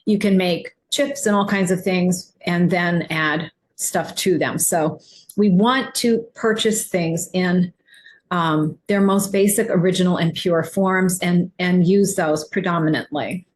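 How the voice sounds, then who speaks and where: A woman's voice: fairly low pitch, steady tone, a little slow, slight background noise. A woman nutrition coach, talking casually over slides, rambling with many fillers and restarts.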